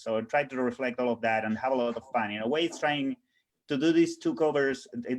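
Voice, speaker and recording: A man talking earnestly as a panel guest, often pausing to search for words. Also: mid-range voice. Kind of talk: casual panel chat. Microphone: video call.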